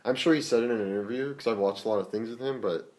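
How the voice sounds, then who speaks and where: A man's voice: medium pitch, rapid-fire, a little mellow. A man co-hosting a podcast in casual, playful, jokey chat. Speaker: podcast co-host.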